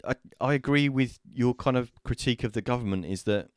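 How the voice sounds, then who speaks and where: A man hosting a casual discussion show over a remote call, talking with many pauses, fillers and restarts. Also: mid-range voice, clear, resonant tone, no room sound, clean studio sound. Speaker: host.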